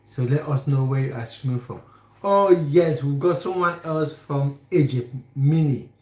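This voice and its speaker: A man's voice: fairly high pitch, a little slow, a little mellow. A young man from Cameroon hosting a casual livestream from his kitchen, chatting with and teasing viewers by name as he reads their comments. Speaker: livestream host. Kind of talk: casual live chat reading viewer comments. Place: home kitchen. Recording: echoey kitchen room.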